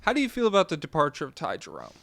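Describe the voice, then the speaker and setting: A young man co-hosting a casual sports podcast, opinionated and animated, swearing casually as he argues his points. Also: a little high, racing, gravelly, no echo. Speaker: podcast co-host.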